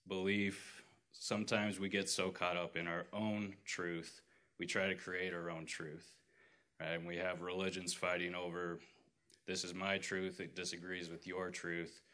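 A man's voice: low-pitched, sharp tone. A man speaking earnestly in a casual church group discussion about faith and truth. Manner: earnest, retells scripture with acted quotes.

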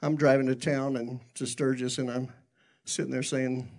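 Middle-aged male pastor, gravelly voice, folksy self-deprecating sermon storyteller, mid pitch. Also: fairly even intonation, unhurried, a little mellow.

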